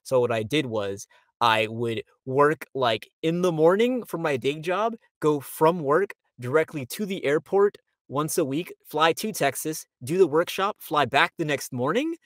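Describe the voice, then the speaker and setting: A man's voice: on the high side, expressive, unhurried, fairly bright tone, dry recording. Chatty young man, dry close sound. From Miami, Florida. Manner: chatty, laughs often, many fillers. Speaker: voice actor guest. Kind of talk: casual interview chat.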